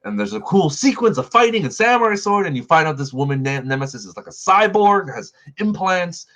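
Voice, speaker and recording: A man's voice: a little high, animated, fairly quick, a bit bright. A man hosting a review show, rambling through a casual film recap full of "like" fillers. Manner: rambling, filler-heavy retelling with lots of "like". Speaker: movie review show host.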